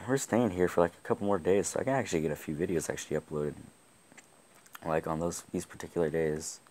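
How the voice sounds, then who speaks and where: A young man giving live gameplay commentary, excitable, often laughing and yelling at the game. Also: sits low, quick pace. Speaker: gaming YouTuber.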